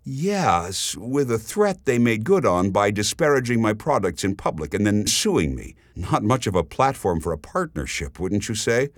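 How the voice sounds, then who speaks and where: A man's voice: lowish voice, very animated, normal speed, few pauses, no echo, studio quality, voice pushed up. A man voicing a guarded, skeptical businessman who has been taken captive, answering tersely. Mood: wary.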